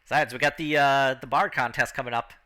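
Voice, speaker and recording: A man running a tabletop game as game master, talking with many fillers and pauses, shifting into loud crowd and announcer voices. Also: medium pitch, steady tone.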